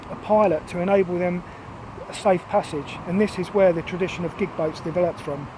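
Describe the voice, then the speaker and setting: High, lively man. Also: background noise. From Barking, London, England. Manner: lively, chatty, chuckling asides. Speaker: author reading his own memoir. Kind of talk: personal storytelling.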